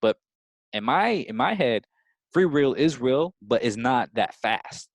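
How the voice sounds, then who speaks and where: A man hosting a podcast, talking in a rambling, excited and slangy casual way. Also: mid-range voice, unhurried, no echo. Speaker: podcast host. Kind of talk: casual chat.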